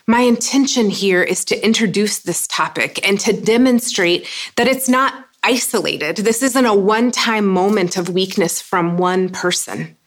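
A woman preaches at an unhurried pace, letting each line settle before moving on. Her delivery is earnest and measured, with a voice of middling pitch. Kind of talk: sermon.

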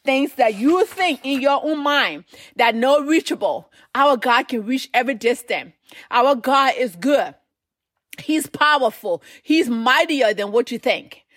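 High-voiced woman preaching, very dry sound. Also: lively intonation, measured pace, fairly bright tone, dry recording. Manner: storytelling with emphatic repetition. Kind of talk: sermon.

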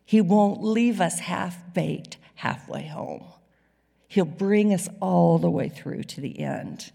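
A woman delivers a slow, unhurried sermon in a church, her voice gravelly and a touch low. She swings between loud emphatic lines and hushed near-whispers. The hall's long reverb trails behind her words. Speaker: preacher. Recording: reverberant hall sound.

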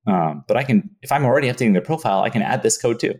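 A man telling a story in an interview, animated, acting out his own past thoughts and laughing often. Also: fairly low pitch, rapid-fire, slightly rough. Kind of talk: casual anecdote in an interview.

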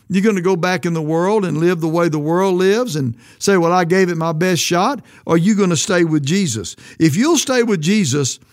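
A man's voice: high voice, no room sound, studio quality. A man preaching a sermon as pastor, earnest and emphatic, his voice leaping up on quoted questions.

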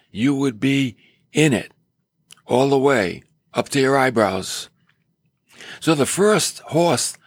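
A man preaching a sermon on scripture, emphatic, with dramatic swings in his pitch. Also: no echo, studio quality.

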